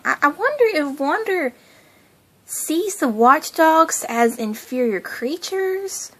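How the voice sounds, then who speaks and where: A woman's voice: high voice, animated, takes it slowly, fairly bright tone. A young woman hosting her own fan channel, chatting casually about a cartoon in a gushing, giggly way.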